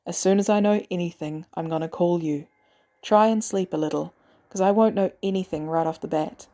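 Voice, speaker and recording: A woman voicing a gruff, weary male ex-soldier who talks bluntly and curses often, in a podcast reading of a story. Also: fairly low pitch, brisk, dark tone, lightly acted. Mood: tender.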